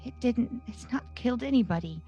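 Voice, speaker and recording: A woman playing a tabletop game, speaking in a soft, earnest, pleading manner. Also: fairly high pitch, lively intonation, brisk, highs cut off, faint music behind. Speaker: player. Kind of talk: tabletop role-play.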